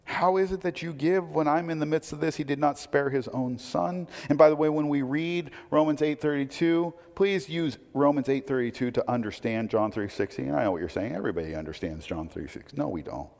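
A man preaching in a big hall, his slightly high voice ringing out with a long reverb tail. He talks to the congregation conversationally, tossing out rhetorical questions and restarting his sentences. He swings between emphatic, raised lines and quiet, low asides. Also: a little fast, few pauses. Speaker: pastor. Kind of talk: sermon.

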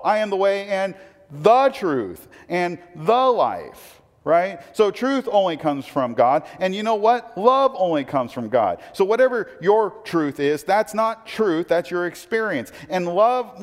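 A man's voice: high-pitched, long reverb tail. A man preaching a sermon as a pastor, conversational with frequent rhetorical questions.

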